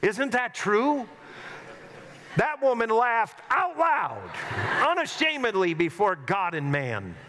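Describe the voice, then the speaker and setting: A man's voice: high-pitched, sing-song, slow pace, pushed and bright, slight background noise. A middle-aged man, a pastor, preaching a sermon in a church sanctuary, telling stories in an earnest way with self-mocking humor. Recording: long hall reverb.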